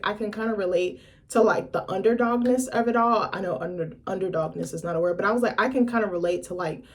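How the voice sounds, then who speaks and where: A young adult woman vlogger in casual chat to camera, talking in a chatty, blunt and profane way with lively asides. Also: mid-range voice.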